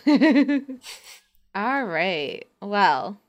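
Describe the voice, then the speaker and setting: A woman's voice: mid-range voice, unhurried. A young woman hosting a podcast, reading an interactive story aloud and breaking off to joke with her friends. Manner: giggly, reads narration then jokes between passages. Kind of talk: casual reading aloud with banter.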